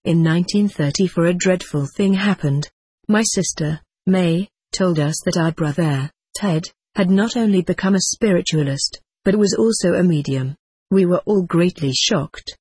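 A woman with a low, husky voice reads an audiobook memoir in a measured, steady way. The recording is close and dry, with no room sound. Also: dry recording. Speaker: narrator.

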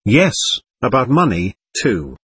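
A man reading an agitated, proud young man who pleads and protests with passion. The voice is husky and swings widely in pitch, heard close and dry as in an audiobook. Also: very animated, slow pace, dry recording, full character voice. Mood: heated. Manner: impassioned, pleading, emphatic.

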